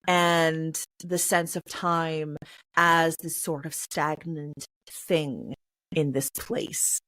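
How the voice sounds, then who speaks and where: A woman guest in an interview, explaining in a chatty, animated way with many filler phrases. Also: on the low side, no room sound, rough recording. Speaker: poetry reader and performer, interview guest.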